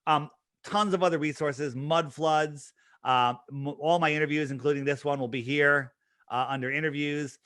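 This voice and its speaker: A man guesting on an interview, talking fast and emphatically with plenty of restarts and fillers. His voice sits fairly high, and the recording is dry and close, with little room sound. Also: fairly even intonation, fairly bright tone, no echo. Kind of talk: casual promotional talk.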